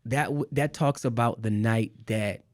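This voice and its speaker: A man's voice: mid-range voice, measured pace, no room sound, clean studio sound. A man telling a personal story in a casual conversation. He repeats phrases for emphasis and laughs now and then. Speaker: guest artist.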